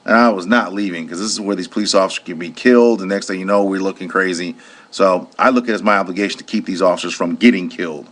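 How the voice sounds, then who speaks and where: A man's voice: deep voice, fast, fairly bright tone. A man working as private security, recounting a personal incident in a plain-spoken way. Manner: plain-spoken, retells with acted-out quotes.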